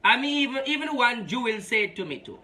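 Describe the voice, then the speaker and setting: A man's voice: very high voice, big pitch swings, a little fast, sharp tone. A man, a spiritual advisor hosting a live reading show, talking emphatically and preachily as he mixes patois with English.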